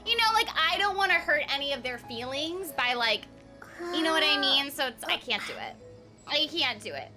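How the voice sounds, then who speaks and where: A woman's voice: high voice, sing-song, normal speed, over music. A young woman chatting casually to viewers on a game stream, bubbly and giggly, rambling from topic to topic. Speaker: streamer and voice actor.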